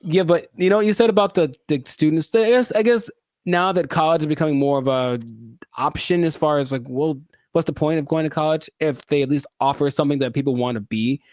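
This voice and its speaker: A man's voice: fairly high pitch, a little fast, darkish tone, no echo. A man co-hosting a casual podcast, talking in a laid-back, rambling, wry way. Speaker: podcast co-host. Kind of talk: casual banter.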